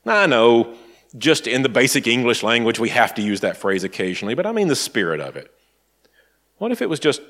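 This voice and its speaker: A man from Tennessee preaches in a relaxed, storytelling way. His pitch moves a lot, and he sometimes drops into quiet asides. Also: fairly quick. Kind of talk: sermon.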